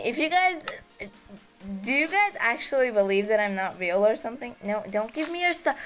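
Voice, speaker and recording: A woman giving casual, excitable gameplay commentary as host of her gaming channel, giggling and squealing with delight. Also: sits high, a little slow, faint music behind.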